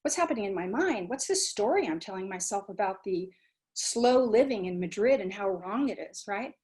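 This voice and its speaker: A woman giving a talk on mindfulness, animated, acting out students' inner voices and often asking "right?" and "you know". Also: medium pitch, normal speed. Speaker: guest speaker on mindfulness. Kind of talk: talk to a webinar audience.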